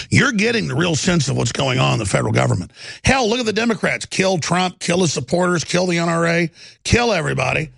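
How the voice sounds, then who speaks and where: A male radio talk show host, ranting in a heated monologue with stammered restarts and bursts of shouting. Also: fairly high pitch, dry recording, clean studio sound. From Texas. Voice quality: gravelly.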